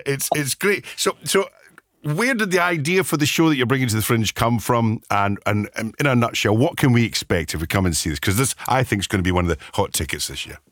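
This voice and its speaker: A male radio host interviews a guest with gushing enthusiasm, tripping over his own restarts. His pitch leaps about animatedly, and the sound is dry and close. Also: a bit bright, dry recording. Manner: enthusiastic, with frequent stammered restarts.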